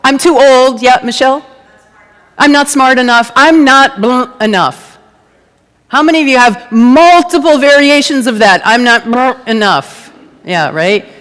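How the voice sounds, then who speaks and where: Lively woman preaching in a reverberant hall. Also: high voice, a little slow. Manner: lively, playful, asks the congregation to answer back. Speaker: guest speaker at a church service. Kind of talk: conversational sermon. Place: church sanctuary before a congregation.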